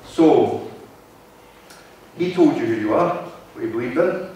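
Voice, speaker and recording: A man's voice: medium pitch, lively intonation, unhurried, mellow, a little hiss or hum. A man with a Wigan accent gives a talk to a live audience, his voice echoing heavily through a hall. He sounds distant from the recorder. He is conversational and keeps checking in with the room. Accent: Wigan, Lancashire. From North West England. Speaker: guest speaker. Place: meeting hall. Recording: very echoey hall from far off.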